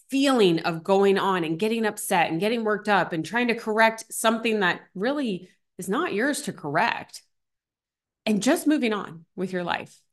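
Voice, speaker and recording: A middle-aged woman hosting a podcast, telling stories in a chatty, animated way with lots of fillers. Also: medium pitch. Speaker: podcast host. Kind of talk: casual solo podcast talk.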